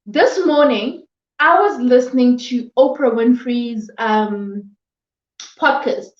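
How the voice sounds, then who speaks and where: A woman's voice: on the high side, slow pace. A woman giving a motivational talk to her viewers, repeating phrases for emphasis and breaking into scolding exclamations. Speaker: motivational vlogger. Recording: echoey room, dull lo-fi sound.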